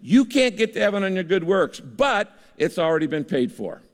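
A man's voice: high voice, sing-song, normal speed. An older man preaching a sermon as pastor, conversational, acting out the voices of people he quotes. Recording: reverberant hall.

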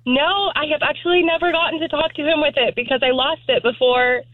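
A chatty woman from Texas, her high voice coming through a thin, dry phone line. She tells her story with a self-deprecating laugh. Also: fairly even intonation, fairly quick, no room sound. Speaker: radio caller.

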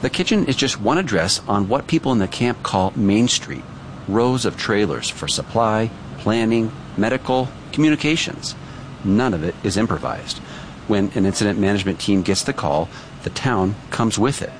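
Male reporter, low voice, calm narration over clear ambient noise. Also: moderate pace. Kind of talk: scripted news feature.

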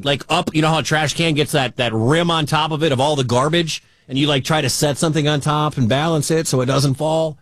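A talkative American man hosts a sports radio show from a dead, dry studio. He rambles, restarts his sentences, and gets animated when he tells a story. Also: on the high side, brisk, few pauses, no room sound. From United States. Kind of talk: casual sports talk radio.

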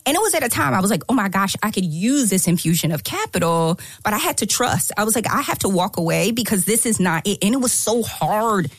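A woman guest on a podcast telling a story, animated and emphatic, acting out the lines she quotes. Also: medium pitch, fairly quick, few pauses, husky, dry recording. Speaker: guest entrepreneur.

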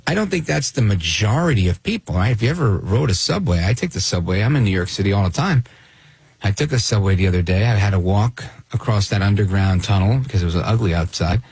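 A man's voice: on the low side, animated, brisk, creaky, darkish tone, slightly rough, no room sound. A man hosting a talk radio show, delivering an opinionated, sardonic monologue and reacting to clips he plays.

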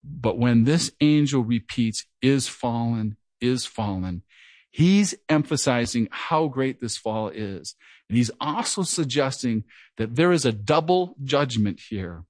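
Speaking slowly in a mid-range voice with no echo, a middle-aged pastor works through the Bible verse by verse. He preaches earnestly and with energy, mentioning his own stutter and that he occasionally repeats words.

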